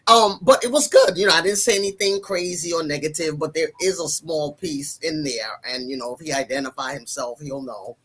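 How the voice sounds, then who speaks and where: A middle-aged woman, a counselor and author, chatting casually as an interview guest and telling stories in a lively, animated way. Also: low voice, fairly quick, few pauses, slightly rough. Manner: animated storyteller acting out family quotes.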